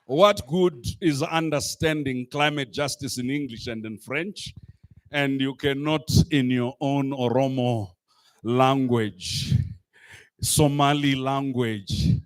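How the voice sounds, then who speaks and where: A man giving a rousing public speech to a youth assembly, emphatic and full of rhetorical repetition, at times rising to a shout. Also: medium pitch, slow. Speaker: speaker addressing a youth climate assembly. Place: live event stage.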